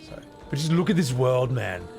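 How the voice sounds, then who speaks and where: Gravelly Australian man streaming a game. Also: mid-range voice, sing-song, moderate pace, over music. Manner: rambling, swears casually, chats to viewers. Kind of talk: casual gaming commentary.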